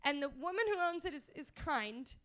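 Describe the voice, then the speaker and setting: A woman from Canada, telling a comedic story as a podcast guest in a chatty, animated way. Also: high voice, moderate pace. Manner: chatty and animated, laughs often between phrases.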